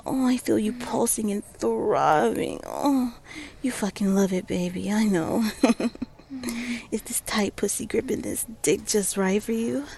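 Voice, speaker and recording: A woman playing a commanding lover in an erotic audio role-play, breathy and often whispering, giving slow, coaxing directions. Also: medium pitch, darkish tone, a little hiss or hum. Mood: sultry.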